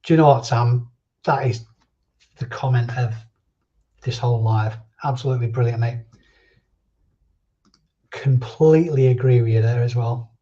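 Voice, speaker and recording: A man's voice: medium pitch, fairly even intonation, normal speed, long pauses, dark tone. Chatty man streaming live. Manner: chatty, answers viewer comments and drifts between thoughts. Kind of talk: casual live chat. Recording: dull lo-fi stream audio.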